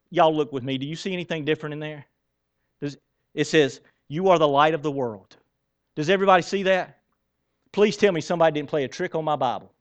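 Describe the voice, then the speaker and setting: A pastor delivers a sermon, talking to the congregation in a conversational, animated way. He jokes at his own expense between scripture readings. His voice sits a little higher than most men's. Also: quick pace, smooth. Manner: conversational, animated preaching with self-deprecating asides. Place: church sanctuary.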